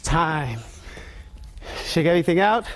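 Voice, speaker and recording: High-voiced man coaching martial arts drills. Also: lively intonation, measured pace. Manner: calls out drill commands and step-by-step cues. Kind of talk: instructional demonstration.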